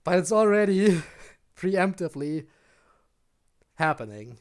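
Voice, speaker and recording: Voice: mid-range voice, lively intonation, takes it slowly, a little mellow. A game streamer chatting casually and self-consciously with viewers late at night, giggling often and sounding tired. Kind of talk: casual live-stream chat while gaming.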